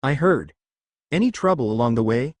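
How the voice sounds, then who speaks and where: A man's voice: medium pitch, animated, moderate pace, dry recording, close to an everyday voice. A man doing a cheeky young blond ninja. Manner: cheeky, informal.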